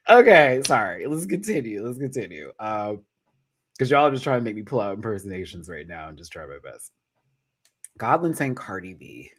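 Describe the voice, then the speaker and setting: A man, casually reviewing a drag competition on a live stream, animated and quick to laugh. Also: fairly low pitch. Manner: animated, jumps into impressions and laughs often.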